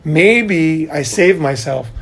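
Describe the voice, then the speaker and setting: A middle-aged man with a somewhat high speaking voice, telling stories in casual conversation. He is animated, laughs often and drops the odd curse word. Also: takes it slowly, gravelly. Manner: animated, laughing storyteller who swears casually. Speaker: podcast host.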